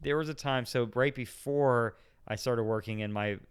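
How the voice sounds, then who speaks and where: A man's voice: mid-range voice, normal speed, slight background noise. A man guest on a podcast, casually telling rambling stories about old jobs and acting out the voices of customers and himself. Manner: rambling storyteller, acts out voices of callers and himself. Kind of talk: casual chat.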